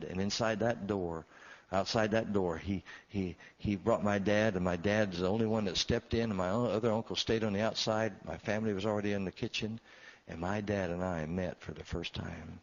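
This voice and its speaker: A man with a low voice tells his life story as an earnest testimony. He leans on repetition for emphasis and slips into the voices of the people he quotes. The recording is dull and lo-fi. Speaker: testimony speaker.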